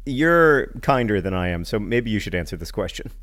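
A middle-aged man co-hosting a podcast in casual banter, with a wry, teasing manner and quick interruptions. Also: fairly low pitch, sing-song, a bit bright. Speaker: podcast co-host.

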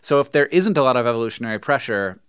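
A man's voice: medium pitch, lively intonation, quick pace, fairly bright tone, clear, resonant tone, dry recording, clean studio sound. A man co-hosting a podcast, chatting casually with lots of fillers and laughs, then reading ads. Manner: rambling, filler-heavy, laughs often. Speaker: podcast co-host. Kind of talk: casual chat and ad reads.

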